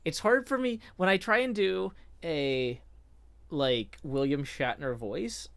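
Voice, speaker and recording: A man with a Southern US twang hosting a casual live stream, rambling and excitable as he pitches ideas. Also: slow, gravelly, no echo. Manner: rambling, excitable, laughs at his own jokes. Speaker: streamer host.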